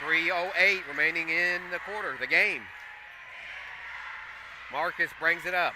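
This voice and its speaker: A man calling a school basketball game play by play, getting excitable and loud on big plays. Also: on the high side, a little slow, pauses often, very noisy. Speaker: play-by-play commentator. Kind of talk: live basketball commentary. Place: school gym.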